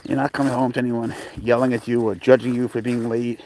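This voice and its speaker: A man's voice: medium pitch, flat delivery, fast, a little mellow, slight background noise. A man casually chatting with viewers on a live stream while walking his pet cat outdoors. He rambles, calls people bro, and his voice jumps up when he coaxes the animal.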